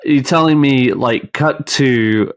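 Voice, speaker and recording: A man's voice: medium pitch, slow pace. A man co-hosting a podcast in casual chat, easygoing and dry. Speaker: podcast co-host.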